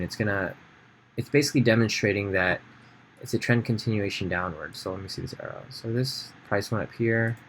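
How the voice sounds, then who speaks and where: A man with a fairly low voice walks through a trading chart in a relaxed, conversational way, pausing on fillers and restarting his sentences. A faint hiss of noise sits under his voice. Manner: casual, thinks aloud with fillers and restarts. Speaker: trading educator. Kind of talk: screen-share trading tutorial.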